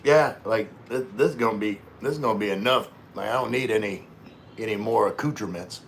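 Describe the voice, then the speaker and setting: A man hosting a relaxed livestream, rambling in a folksy way while eating and chatting to viewers. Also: on the low side, fairly quick, vocal fry, a little hiss or hum. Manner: laid-back, rambling, talks with mouth full; folksy, calls himself country. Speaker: vlogger hosting a live stream.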